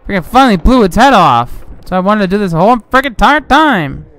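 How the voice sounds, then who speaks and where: Animated young man ranting over gameplay. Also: high-pitched, a little fast, no echo. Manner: frustrated, rambling, yells at enemies. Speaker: gaming channel host. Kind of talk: casual let's play commentary. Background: game music.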